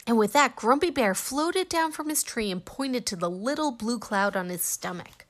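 A woman narrating a children's storybook aloud with gentle, expressive reading. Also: fairly high pitch, normal speed.

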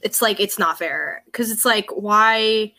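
A woman guest on a casual podcast, talking in animated, fast rants packed with "like". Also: medium pitch, gravelly, slight background noise. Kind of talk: casual chat.

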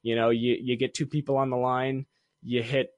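A young man speaks in a casual interview, chatty and self-deprecating, often laughing at himself and restarting his sentences. His voice sits at an ordinary, mid-range pitch. The sound is dry and close, with no room echo. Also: little pitch movement, normal speed, lo-fi sound. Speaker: podcast guest, sales coach and entrepreneur.

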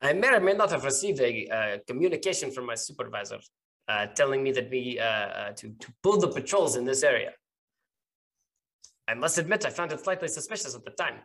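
A man's voice: mid-range voice, lively intonation, fairly quick, vocal fry, a bit bright. A suspicious, commanding guard captain woman, played by a man in a tabletop game. She talks in clipped, foreign-sounding phrases and jabs "huh?" at the end of her questions. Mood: conspiratorial.

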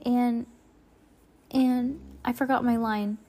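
A bubbly, flustered young schoolgirl from a storybook, as a woman reading aloud puts her on. Her voice is pitched up high and jumps with excitement. She sounds eager and easily rattled. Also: takes it slowly.

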